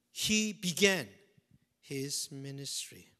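A man preaching a sermon, swinging from loud emphasis to hushed near-whispers and repeating key phrases slowly. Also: high voice, sing-song. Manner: slow, deliberate delivery with repetition.

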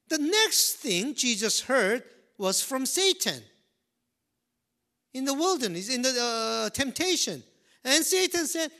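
Man, preacher, sermon, slow deliberate delivery, hushed to emphatic. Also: very high voice, very animated. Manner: dramatic swings from loud emphasis to hushed whispers.

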